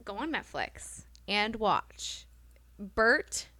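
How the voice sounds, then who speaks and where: Brief: young woman, podcast co-host, bright tone, animated swings, profane and giggly. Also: mid-range voice, very slow. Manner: loose, profane, giggly storytelling. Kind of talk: casual chat.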